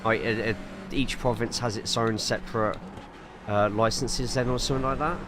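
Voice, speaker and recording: An English man streams a racing sim in casual live-stream chat, rambling with viewers and reading their messages aloud between driving tips. His mid-range voice has fairly even intonation at normal speed, with background noise.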